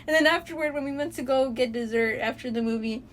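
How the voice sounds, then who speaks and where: A young woman hosting a casual podcast chat, excitable and laughing often, swearing freely. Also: high voice, quick pace. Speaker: podcast host.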